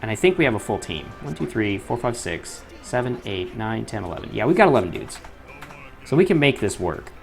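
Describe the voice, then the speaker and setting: A man's voice: lowish voice, big pitch swings, brisk, vocal fry, faint music behind. A young man commentating his own gameplay, often frustrated, swearing and muttering to himself. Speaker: gaming YouTuber.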